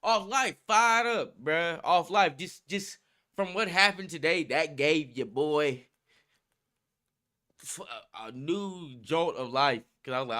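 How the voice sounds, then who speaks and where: A man's voice: a little high, lively intonation, slow pace, pushed and bright. A young man hosting a livestream in casual, slangy, profane chat, hyped up and laughing often. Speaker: livestream host.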